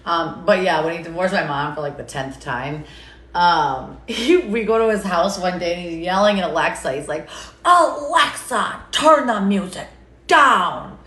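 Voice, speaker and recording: Low-voiced sarcastic woman chatting on a live. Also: normal speed. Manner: sarcastic, rambling, swears freely. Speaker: TikTok creator. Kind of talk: casual live-stream chat. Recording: echoey room, faint background noise.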